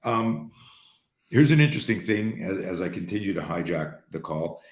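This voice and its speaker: A man with a very low voice tells stories casually and with energy. He restarts his sentences often and swears freely. He sounds like he is in a roomy space with a clear echo. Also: normal speed. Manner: animated, profane, restarts often. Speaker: host. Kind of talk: casual storytelling talk.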